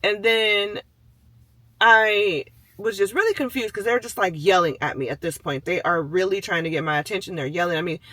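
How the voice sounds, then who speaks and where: A man's voice: high voice, normal speed, sharp tone. A man telling a personal story in a casual, chatty way, full of "like" and "you know", and acting out the voices of people and animals as he goes.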